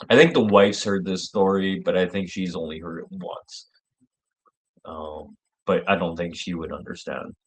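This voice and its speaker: A man, hosting his own show and telling a story in a rambling, profane way, laughing and jumping high in pitch when he gets worked up. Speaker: show host. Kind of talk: casual storytelling monologue.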